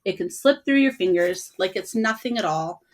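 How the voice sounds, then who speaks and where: A woman's voice: medium pitch, expressive, normal speed. A woman hosting a podcast, chatting about books in a gushing, giggly way. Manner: giggly, gushing, breaks into laughter. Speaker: podcast host. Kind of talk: casual chat about books.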